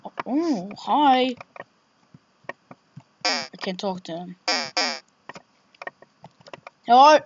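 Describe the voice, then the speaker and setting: A woman's voice: mid-range voice, animated, takes it slowly, vocal fry, muffled recording. A woman playing a horror game and commenting, jumpy and exclaiming, often swearing. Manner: jumpy, exclaiming, swearing, frequent 'oh my God'. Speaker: let's play gamer. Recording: loud background noise.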